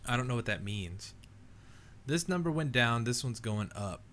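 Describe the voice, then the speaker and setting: A man's voice: medium pitch, animated, normal speed, fairly bright tone. A young man hosting a gaming channel, giving casual let's play commentary at home in a rambling, easygoing way. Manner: rambling, easygoing, says "man" and "dude" a lot.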